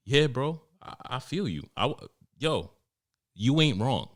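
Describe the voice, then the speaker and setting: A young man, hosting a podcast and ranting in a profane, animated way, acting out his customers. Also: medium pitch, slow. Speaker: podcast host and barber. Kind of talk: casual solo podcast rant.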